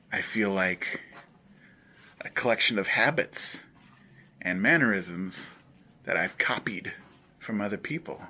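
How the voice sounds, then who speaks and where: A man's voice: lowish voice, bright, forceful tone. A young man vlogging in a rambling, self-mocking monologue with frequent hesitations.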